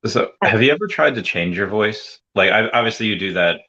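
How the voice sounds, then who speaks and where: Man, podcast host, low voice, bright edge, rephrases questions. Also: expressive, fairly quick. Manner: asks questions, fumbles and rephrases. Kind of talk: casual podcast interview. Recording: muffled lo-fi recording.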